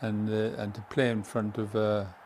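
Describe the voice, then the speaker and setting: A man's voice: fairly low pitch, level tone, a little hiss or hum. An older man with an Irish accent, a former footballer fondly telling stories in an interview. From Ireland. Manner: fond, unhurried storytelling with soft laughs. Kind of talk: reminiscing interview.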